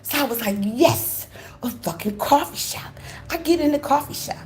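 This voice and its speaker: A woman's voice: high voice, normal speed, soft background music. Profane woman telling a story. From USA. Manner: profane, expressive, talks straight to viewers. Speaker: channel host. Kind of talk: casual storytelling.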